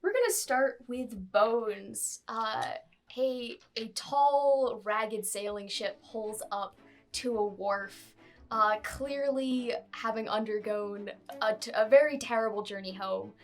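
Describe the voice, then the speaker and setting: A woman's voice: fairly high pitch, slow. A woman running a tabletop role-playing game as game master, narrating casually. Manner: casual, with frequent fillers.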